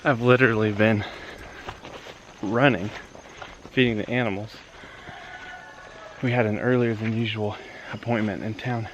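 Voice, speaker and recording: A man talking casually on a farm vlog in a hurried, matter-of-fact way. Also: fairly low pitch, steady tone, lo-fi sound, a little hiss or hum. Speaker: husband, co-host.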